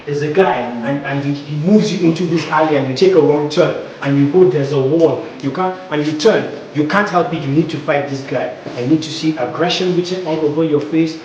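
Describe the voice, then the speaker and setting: A man coaches acting students through stage combat drills, counting out moves and calling cues in a commanding way. His voice is fairly high-pitched with a darkish tone and lo-fi sound. The room is echoey, with background noise.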